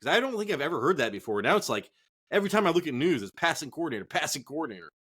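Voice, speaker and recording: Excitable, animated man chatting. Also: fairly high pitch, rapid-fire, husky. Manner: profane, excitable, rambling. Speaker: fantasy football podcast co-host. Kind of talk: casual chat.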